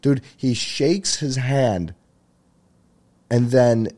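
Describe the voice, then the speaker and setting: A man hosting his own comedy podcast, talking alone in a rambling, profane way, laughing at his own jokes and jumping into loud, high-pitched rants. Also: extremely slow. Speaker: stand-up comedian and podcast host. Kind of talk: solo comedy podcast monologue.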